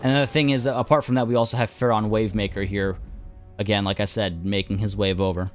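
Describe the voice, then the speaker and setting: A man's voice: fairly low pitch, fairly even intonation, fast talker, faint music behind. A man hosting a game let's play, losing his voice as he thinks aloud with plenty of uhs and ums. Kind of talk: gameplay commentary.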